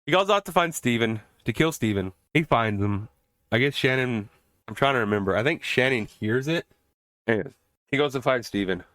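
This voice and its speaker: A man's voice: medium pitch, lively intonation, brisk, fairly bright tone, dry recording. A man hosting a podcast, casually recapping and reviewing a film in an exasperated way, swearing for emphasis and often restarting his sentences. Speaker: podcast host reviewing films.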